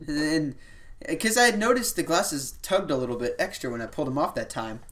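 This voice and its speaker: A man's voice: fairly high pitch, expressive, fairly quick, a bit bright. A young man hosting a podcast, telling a long casual anecdote, loose and rambling, with lots of "like" and "you know". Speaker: podcast host. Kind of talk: casual storytelling chat.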